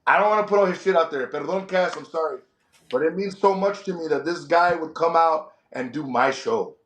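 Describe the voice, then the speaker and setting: A middle-aged man from San Antonio, a wrestler and promoter chatting in an interview, animated and slipping in Spanish slang. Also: on the high side, brisk. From San Antonio, Texas. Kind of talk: casual interview chat. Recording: echoey room.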